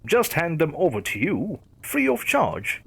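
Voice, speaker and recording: A man's voice: fairly high pitch, huge pitch swings, unhurried, vocal fry, fairly bright tone, breathy edge, voice pushed up, exaggerated voice. A man voicing a sardonic male killer who answers dryly and with sarcasm. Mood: sarcastic. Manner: dry, sarcastic.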